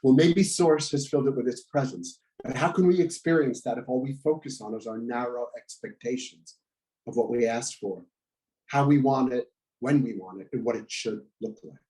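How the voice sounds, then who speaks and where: A man giving a reflective sermon at a spiritual center, in measured phrases with pauses. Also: medium pitch, a little mellow, low-quality recording. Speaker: guest speaker at a spiritual center. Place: church sanctuary.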